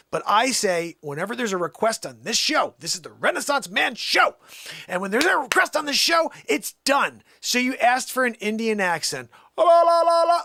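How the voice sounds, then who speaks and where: Livestream host, male, animated and high-pitched, casual and defensive. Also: no echo, studio quality. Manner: defensive, rambling, talks to chat.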